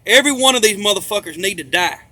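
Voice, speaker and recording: This emphatic, profane speaker is a man whose voice is high, bright and sharp-edged, rambling quickly with lively intonation. He keeps repeating the same phrases to stress his points. The recording is dry.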